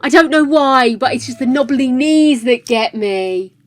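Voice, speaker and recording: A woman's voice: sits high, lively intonation, a little slow, faint music behind. A woman hosting a livestream, chatting casually with viewers, laughing often and greeting them by name. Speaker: livestream host.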